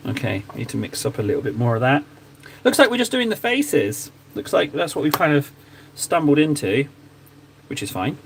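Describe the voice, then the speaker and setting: A man's voice: a little high, very animated, normal speed, creaky, slight background noise. A man casually chatting to his stream audience while painting miniatures, joking and mocking himself. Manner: joking, self-mocking, bantering with chat.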